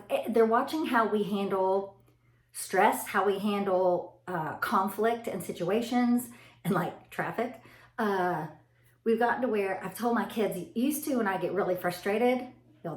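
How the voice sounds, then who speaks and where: A woman, chatting casually to camera about parenting. She tells stories in an animated way, laughs often and calls her viewers y'all. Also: mid-range voice. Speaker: mother vlogging about parenting. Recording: echoey room.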